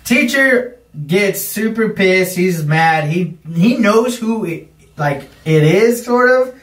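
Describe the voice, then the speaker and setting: A young man co-hosting a podcast, telling a school story in a casual, animated way and acting out the shouted lines. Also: sits high, slow pace. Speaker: podcast co-host. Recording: echoey room, mic at a distance.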